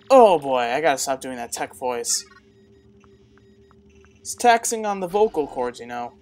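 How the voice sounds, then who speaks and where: A woman's voice: a bass voice, sing-song, unhurried, long pauses, a little mellow. A woman casually commenting on a game walkthrough in a chatty, wry, self-mocking way. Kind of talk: casual let's-play commentary.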